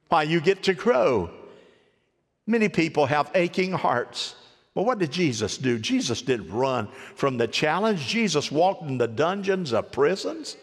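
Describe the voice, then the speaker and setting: A male pastor preaching a sermon in a folksy, animated way, asking his congregation questions. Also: sits high, in a large hall.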